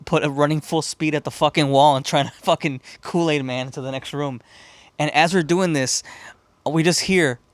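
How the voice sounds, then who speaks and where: A man's voice: a little high, fairly even intonation, moderate pace, dry recording. Profane man telling a wild story. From Chicago. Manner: profane, rambling, laughs through the story. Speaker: podcast host. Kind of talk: casual storytelling.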